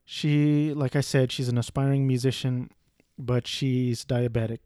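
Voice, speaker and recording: A man's voice: medium pitch, steady tone, a little slow, mellow, clear, resonant tone, dry recording, clean studio sound. Rambling, profane man reviewing a movie. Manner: rambling, profane, self-deprecating. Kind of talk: casual movie review monologue.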